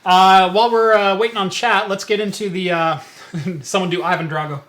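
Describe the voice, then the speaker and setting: Bright, chatty male live-stream host. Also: high voice, fairly even intonation, moderate pace. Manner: chatty, stumbling over words, asks viewers for donations. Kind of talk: casual live-stream chat.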